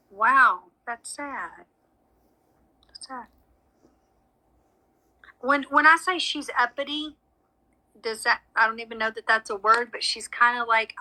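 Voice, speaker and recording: A woman's voice: a little high, pushed and bright, rough recording. A woman giving a live psychic reading, chatty and frank with frequent apologies. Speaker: psychic medium. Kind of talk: live social media reading.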